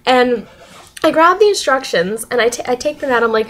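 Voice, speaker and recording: A young woman telling stories from her week in a casual vlog, animated and laughing often. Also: high-pitched, fairly quick. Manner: animated, laughing often, acting out quoted voices. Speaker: vlogger.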